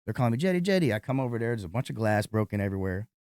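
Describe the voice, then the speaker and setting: A man who works as a nightclub bouncer tells a fight story in an interview, animated and profane. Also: on the low side, very fast, no echo, studio quality.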